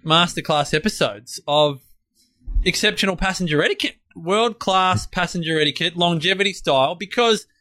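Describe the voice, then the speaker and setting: Male podcast co-host, high bright voice, hyped, jokey. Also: normal speed. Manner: enthusiastic, playful hyperbole. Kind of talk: casual podcast chat.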